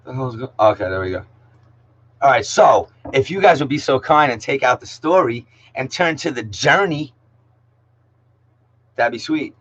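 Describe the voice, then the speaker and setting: A man's voice: medium pitch, expressive, normal speed, pauses often, fairly bright tone, dull audio. A man, teaching an online class in a casual, jokey way, slangy, saying "yo" a lot and calling out students by name. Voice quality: slangy, peppers speech with "yo". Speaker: middle school English teacher.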